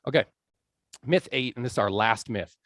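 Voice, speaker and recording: A man's voice: medium pitch, moderate pace, fairly bright tone, no room sound, studio quality. A man lecturing on language learning in a conversational way, often checking in with his audience. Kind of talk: public lecture. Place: college lecture room.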